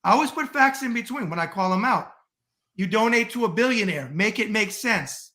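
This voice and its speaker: Man, middle-aged, from the US, podcast guest, high-pitched, bright voice, blunt, profane, emphatic. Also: lively intonation, a little fast. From United States. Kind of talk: heated political talk.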